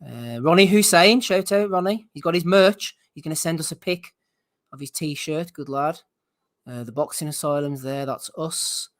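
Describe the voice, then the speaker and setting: A man's voice: on the high side, normal speed, no echo, clean studio sound. A man hosting a casual boxing podcast, reading out names from the live chat and steering the show along. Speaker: podcast host.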